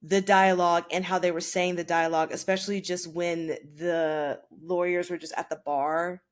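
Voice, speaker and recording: A woman co-hosting a podcast, speaking in a thoughtful, measured way in casual chat. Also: lowish voice, flat delivery. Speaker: podcast co-host.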